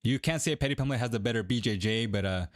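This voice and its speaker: A man's voice: medium pitch, fast talker, no room sound, studio quality. A young man casually talking to viewers, rambling and correcting himself with lots of fillers. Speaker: MMA predictions creator. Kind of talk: casual commentary to camera.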